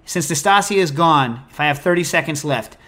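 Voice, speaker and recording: Man, podcast host, casual chat, rambling and jokey, slightly high voice. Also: a little fast, sharp tone.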